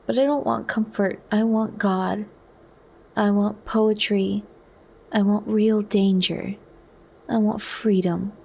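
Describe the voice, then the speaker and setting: A defiant young outsider, intense yet hushed, as a woman reads him. His lines come slow and mellow in a whispered role-play. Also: sits high, fairly even intonation, creaky, heavily acted.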